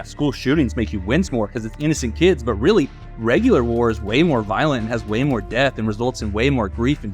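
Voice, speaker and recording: A young man from the United States delivering scripted commentary narration as a video essayist, sardonic and profane. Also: medium pitch.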